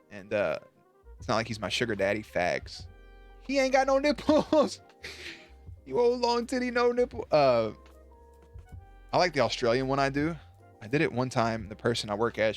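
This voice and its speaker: A man streaming at night, chatting casually with his viewers, swearing, joking and now and then breaking into loud high yelps. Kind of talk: casual chat reading out viewer messages.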